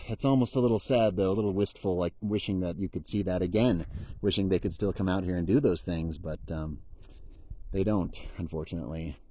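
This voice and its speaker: A man's voice: low-pitched, brisk, dark tone, breathy edge. A middle-aged man chatting outdoors on a mountain trail as he films a hiking vlog, rambling and enthusiastic, laughing at himself. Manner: rambling, enthusiastic, self-deprecating. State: out of breath after sprinting. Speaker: hiker vlogger. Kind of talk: casual outdoor vlog narration.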